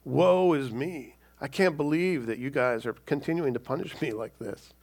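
A man voicing a bitter, self-pitying old father, low and gloomy. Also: normal speed, a little mellow, husky.

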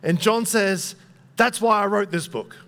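A man's voice: high voice, measured pace, a bit bright. Chatty young man preaching a sermon. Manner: conversational, self-deprecating, with fillers.

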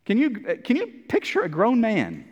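Male preacher, high voice, casual storytelling sermon, church echo. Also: wildly swooping pitch, moderate pace, breathy edge, dull audio. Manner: storytelling, conversational, repeats words.

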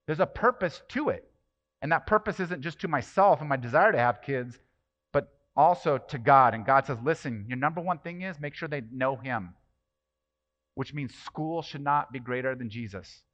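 A man's voice: medium pitch, expressive, moderate pace, fairly bright tone, muffled recording. A man preaching a sermon as pastor, passionate and emphatic, with many rhetorical questions.

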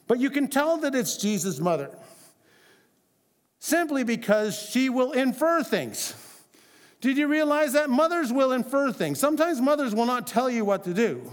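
A pastor delivering a sermon in a high voice for a man. He speaks conversationally and often turns to the congregation with questions. His voice carries a long reverb from a large church hall. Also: animated, moderate pace.

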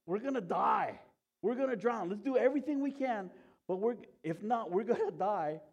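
Panicked fishermen shouting in a storm, put on by a preacher. Loud, pitched up, husky edge. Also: male voice, lively intonation, moderate pace, lo-fi sound, full character voice. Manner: shouting in alarm.

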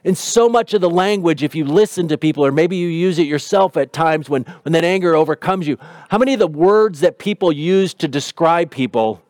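A man's voice: fairly high pitch, darkish tone, no room sound. Earnest male preacher, dry sound. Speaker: pastor. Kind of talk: sermon.

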